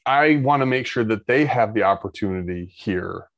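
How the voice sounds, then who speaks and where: A man's voice: fairly low pitch, lively intonation, moderate pace, gravelly, fairly bright tone, dry recording, muffled recording. A man, talking in a casual podcast chat, rambling with many restarts. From Ohio, United States. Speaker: guest.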